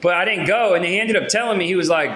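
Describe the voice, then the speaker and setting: Bright, high-voiced man telling a rambling story. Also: quick pace, a little hiss or hum. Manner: rambling and slangy, many fillers and restarts. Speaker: storyteller recounting his own experiences. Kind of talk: casual storytelling to camera. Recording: roomy echo.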